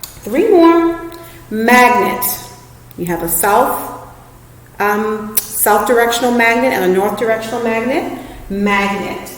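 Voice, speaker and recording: A woman reading teacher giving a recorded lesson to students, patient and clear, spelling words out slowly letter by letter. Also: a little high, expressive. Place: classroom with a flip chart. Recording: very echoey room with a long reverb.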